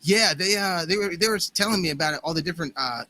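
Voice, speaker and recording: An American guest musician tells stories in casual podcast talk, rambling with many fillers and restarts. His voice is high-pitched, fast and sharp, with slight background noise.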